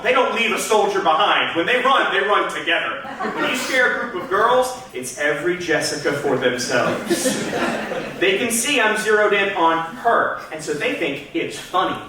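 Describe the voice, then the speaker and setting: Guy doing standup in a club, high bright voice, roomy echo, kinda distant from the mic. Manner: theatrical, punchy storyteller addressing the crowd. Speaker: stand-up comedian. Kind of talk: stand-up comedy storytelling. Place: comedy club stage.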